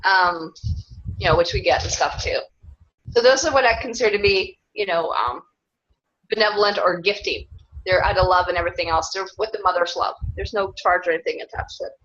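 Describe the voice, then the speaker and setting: In a casual interview, a woman calling herself a clan mother speaks earnestly and wanders between thoughts, often laughing. Her pitch is fairly low, her pace fairly quick and her tone a bit bright, captured in dull lo-fi audio.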